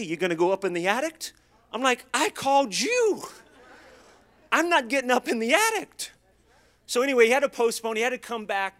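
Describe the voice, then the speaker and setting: A middle-aged man preaching with a notably high voice. His delivery is folksy and conversational, full of homely stories and call-and-response lines for the congregation. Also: sharp tone. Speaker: pastor. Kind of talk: sermon.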